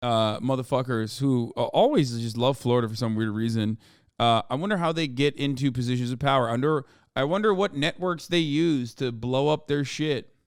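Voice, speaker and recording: A man's voice: medium pitch, normal speed, clear, resonant tone, no echo, clean studio sound. Sarcastic, profane man streaming. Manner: sarcastic and profane, mocking asides. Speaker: streamer reacting to news clips. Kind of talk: casual live-stream commentary.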